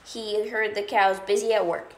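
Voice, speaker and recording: A woman reading a children's picture book aloud on a storytime livestream, expressive and playful. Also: medium pitch, normal speed. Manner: expressive read-aloud with funny animal sounds and asides. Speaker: storytime reader. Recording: echoey room, faint background noise.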